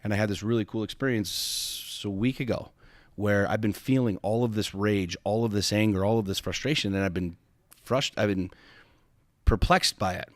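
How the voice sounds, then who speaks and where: A man's voice: on the low side, normal speed, no echo. A man hosting a podcast, telling a personal story in an intense, emphatic way, swearing often and restarting his sentences. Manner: intense, emphatic, profane, with frequent repeated starts. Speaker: podcast host.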